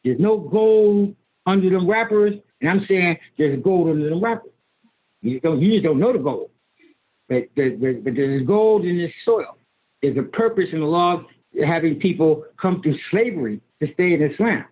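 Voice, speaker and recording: A man in his sixties speaks as an imam on a video call, his voice pitched high and his speech emphatic, folksy and full of repetition. The audio is thin and phone-like, as if squeezed through a narrow line. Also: expressive, moderate pace. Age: 60s. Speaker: imam and author, guest. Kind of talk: conversational lecture on a video call.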